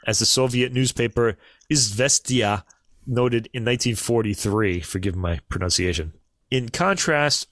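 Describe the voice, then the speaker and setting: A man co-hosting a casual podcast, chatting about classical recordings in a relaxed way with fillers and asides. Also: mid-range voice, no echo, studio quality. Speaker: podcast co-host.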